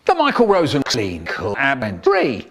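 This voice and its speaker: An older man reciting comic poems and stories in a theatrical manner, his voice swooping between whispers and shouts. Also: mid-range voice, huge pitch swings, unhurried. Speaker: storyteller. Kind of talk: chopped-up comic poem recital.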